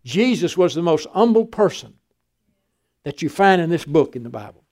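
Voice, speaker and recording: Older man, preacher, high-pitched voice, loud emphatic sermon. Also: sing-song, normal speed. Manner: swings from loud emphatic preaching to quiet storytelling.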